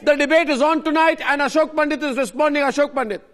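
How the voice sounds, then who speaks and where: A man moderating a heated televised news debate, forcefully interrupting and repeating panelists' names. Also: extremely high pitch, steady tone, quick pace.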